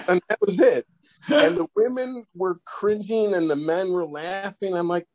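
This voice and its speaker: A man tells a long, rambling anecdote on a podcast, circling back and restarting as he goes. His voice sits a little above the usual male range, and his delivery is loose and animated. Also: high voice, moderate pace. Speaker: podcast guest. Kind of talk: casual storytelling.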